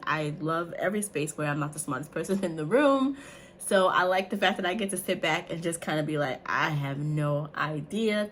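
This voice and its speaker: A woman in her thirties chats to her viewers, lively and full of asides. Her voice sits on the low side for a woman. A faint hiss runs under the recording. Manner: chatty, animated, says "y'all" and "like" often. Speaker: vlogger. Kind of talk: casual talk to camera.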